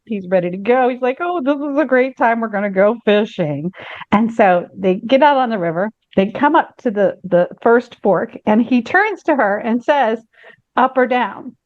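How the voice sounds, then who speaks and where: A woman's voice: on the high side, dry recording, muffled recording. A woman podcast host in casual chat, telling a long joke with many ums and restarts. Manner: rambling storyteller with many fillers and restarts.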